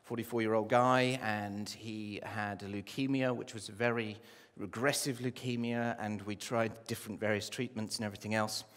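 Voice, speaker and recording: A man preaching a sermon as a pastor, with impassioned delivery that rises to loud pleading and drops low. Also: fairly even intonation, moderate pace, few pauses. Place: church. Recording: long hall reverb.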